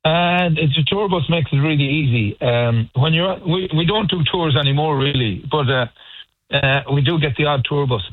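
A man's voice: on the high side, normal speed, no echo. A middle-aged Irish man, a band member, chatting by phone in a rambling, storytelling way with hesitant restarts. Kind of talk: phone interview. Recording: tinny phone line.

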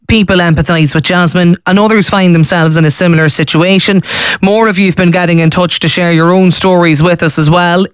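A man's voice: high voice, smooth, dry recording. A man with an Irish accent presenting a live radio talk show, chatting and interviewing callers. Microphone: studio microphone.

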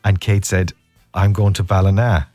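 Irish male radio host, 30s, lower register, animated storyteller, light music bed. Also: moderate pace, no room sound. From Ireland. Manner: animated storyteller, laughs often. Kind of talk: casual radio chat.

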